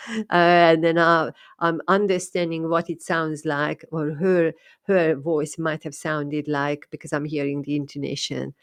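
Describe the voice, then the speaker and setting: A woman's voice: deep voice, flat delivery, measured pace, no echo, studio quality. A woman talking thoughtfully about her experiences as a medium, often repeating and restarting words. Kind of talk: casual monologue.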